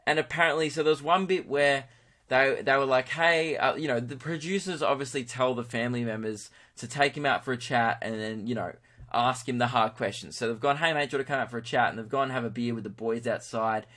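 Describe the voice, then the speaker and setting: A man's voice: mid-range voice, fairly quick, bright, forceful tone. A young Australian man hosting his own podcast, rambling and crude, poking fun at himself. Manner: rambling, crude, self-mocking. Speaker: podcast host. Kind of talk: casual podcast monologue.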